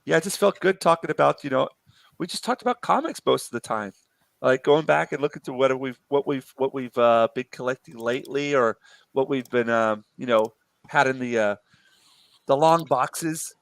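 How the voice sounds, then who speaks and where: A man's voice: medium pitch, normal speed, vocal fry, no room sound. A man chatting casually on a stream, rambling with lots of fillers. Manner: rambling, full of fillers and restarts. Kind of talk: casual chat.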